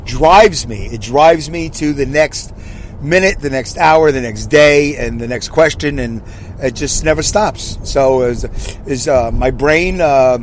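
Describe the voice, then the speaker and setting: A man's voice: mid-range voice, unhurried, a little hiss or hum. Rambling sixty-year-old man talking while driving. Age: 60s. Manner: rambling, self-correcting, asks listeners questions. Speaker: podcast host. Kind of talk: casual solo podcast monologue. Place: in his car, driving.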